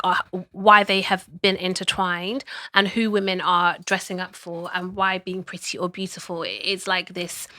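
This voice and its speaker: A woman co-hosting a casual podcast chat, animated and loud. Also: mid-range voice, dry recording. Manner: animated, talks loudly. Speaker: podcast co-host.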